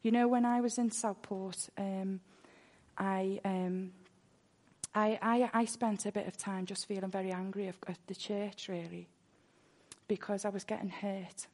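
A woman's voice: medium pitch, steady tone, measured pace, darkish tone. A woman preaching a sermon full of personal testimony, earnest, and she repeats words when she gets worked up.

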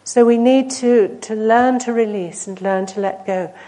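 A woman preaching a sermon, earnest and storytelling, swinging from emphatic peaks to hushed, near-whispered asides. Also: fairly high pitch, measured pace, rough recording. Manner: earnest, rising to emphatic then dropping to hushed.

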